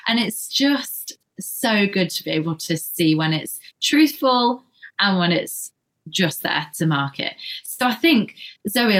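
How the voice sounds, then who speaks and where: A young woman talks in a chatty, easygoing way. Her voice sits in a mid range, and her pace runs quick, sometimes rushing ahead and sometimes slowing. She is self-deprecating and laughs easily. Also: mid-range voice. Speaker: guest, yoga and flexibility instructor. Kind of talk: casual podcast conversation.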